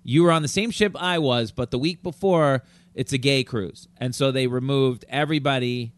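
A man hosting a podcast, a comedian telling stories in a lively, acted-out way. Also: medium pitch, moderate pace, no echo. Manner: animated, acts out quotes. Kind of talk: casual storytelling chat.

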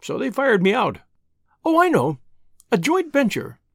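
A spirited young woman full of schemes, as an audiobook reader puts her on, talking in a brisk, teasing way. Her voice swings lively up and down. The sound is dry and close. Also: mid-range voice, creaky, husky, dry recording, voice pushed up, full character voice. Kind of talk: audiobook reading.

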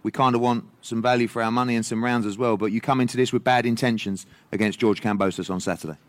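A man hosting a boxing press conference, putting brisk, probing questions to the fighters. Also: medium pitch, steady tone, dry recording.

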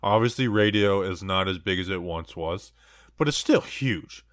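A man's voice: deep voice, expressive, moderate pace, no room sound, studio quality. A man co-hosting a casual sports podcast, joking around and rambling with plenty of "like" and "you know.". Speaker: podcast co-host.

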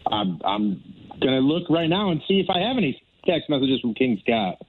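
A man's voice: mid-range voice, big pitch swings, moderate pace. A man on a phone call into a radio show, sore after surgery, telling stories in a casual, self-deprecating way. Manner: storytelling, quoting others, self-deprecating. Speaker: co-host recovering from surgery, on the phone.

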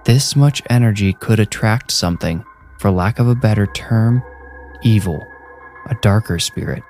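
A man narrating a first-person horror story in a measured, grim way. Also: fairly low pitch, a little mellow, faint music behind.

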